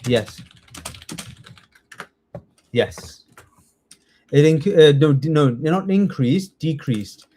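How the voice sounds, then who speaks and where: A British man with a fairly high, mellow voice speaks very slowly and animatedly, pausing often. He's running a live online citizenship test class, quizzing students with an encouraging, talkative manner and plenty of "yeah?" check-ins.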